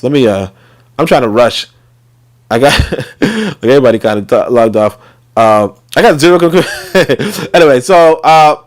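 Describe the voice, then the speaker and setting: A man hosting a casual commentary stream, rambling with many fillers and trailing off. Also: mid-range voice. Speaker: host.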